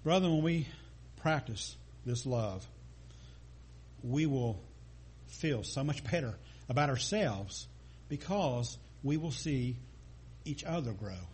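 A man's voice: mid-range voice, lively intonation, slow pace, darkish tone, breathy edge. A man preaching a sermon, telling a story with small stumbles and restarts.

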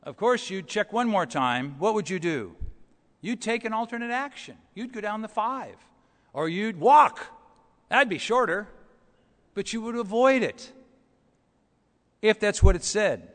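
A male pastor preaching a storytelling sermon, dropping to quiet asides and rising to loud, emphatic points. His voice sits a little high and rings with a long church reverb. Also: animated, unhurried, pauses often. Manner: storytelling, swings between soft and loud.

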